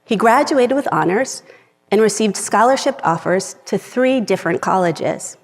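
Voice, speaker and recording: A woman's voice: medium pitch, animated, normal speed. A middle-aged woman giving an earnest personal talk from a script to a live audience. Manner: earnest, reads from a script, gets emotional at times. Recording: long reverb of a large hall.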